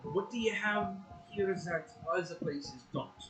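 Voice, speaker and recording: A smooth, overly polite adventurer, played by a man in his own voice, calm and dry. The lines come out low and unhurried. The tone stays level and composed. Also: roomy sound, music in the background, poor audio. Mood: probing.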